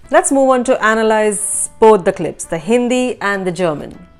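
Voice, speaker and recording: Woman teaching a language lesson, kinda high voice, calm explaining, faint music behind. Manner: measured, explanatory. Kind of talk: explaining a translation analysis.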